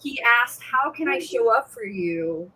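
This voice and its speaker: A woman life coach chatting casually, an animated storyteller who acts out the quotes she tells. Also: on the high side, unhurried, poor audio. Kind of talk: casual chat.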